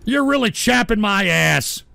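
A man hosting a live radio show, exasperated and shouting at trolls in the chat. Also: high voice, lively intonation, unhurried, gravelly, no echo. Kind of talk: ranting livestream talk.

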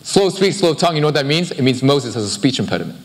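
A man gives a live-streamed church sermon in a chatty, animated manner with quick asides. His voice sits slightly high for a man. Long reverb from the sanctuary trails each phrase. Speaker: pastor.

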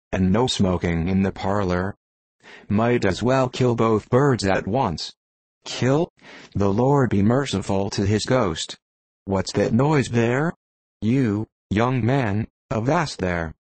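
A man voicing a bossy, practical middle-aged female innkeeper in an audiobook reading, scolding and brisk. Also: fairly low pitch, darkish tone, no echo.

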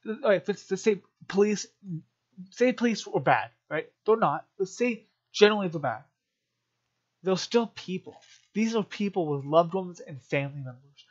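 A man's voice: sits high, expressive, normal speed. Emotional man with a dull, lo-fi sound. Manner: emotional, stumbling restarts. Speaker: political commentary vlogger. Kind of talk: rambling commentary while reading articles.

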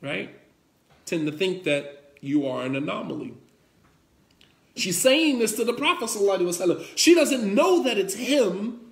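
A man's voice: high voice, very animated, moderate pace. A man preaching a sermon, emphatic and repetitive, who acts out the quotes in his stories. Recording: roomy echo.

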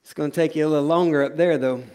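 A male pastor preaching a sermon in a church, moving from loud, stretched-out proclamations to quiet, joking asides with his congregation. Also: fairly high pitch, fairly even intonation, rapid-fire, clean tone. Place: church sanctuary.

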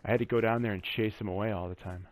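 A man's voice: fairly low pitch, steady tone, fast talker. A man giving easygoing, chatty commentary while exploring a video game map alone, cracking corny jokes as he goes. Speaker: gaming channel host. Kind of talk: solo gameplay commentary.

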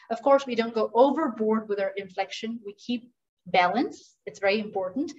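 A woman running an interactive workshop on professional communication, lively and asking the audience questions. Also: on the high side, far from the mic, muffled recording. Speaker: communication skills trainer. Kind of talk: interactive online workshop talk.

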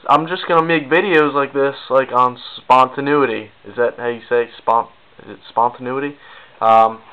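A man's voice: mid-range voice, sharp tone, smooth, rough recording. A young man rambling casually to the camera in a goofy, self-mocking vlog. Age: young adult. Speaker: video blogger.

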